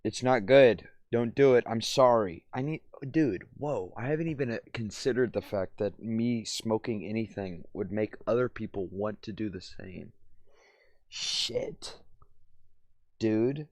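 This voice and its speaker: A man's voice: fairly low pitch, moderate pace, hardly any pauses, a little mellow, no room sound. A young man streaming, chatting casually in a mumbling, apologetic way and swearing often.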